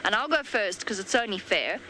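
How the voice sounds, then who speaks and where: A woman's voice: mid-range voice, animated, a little fast, pushed and bright, slight background noise. A woman presenting a live safari broadcast in a playful, teasing chat style.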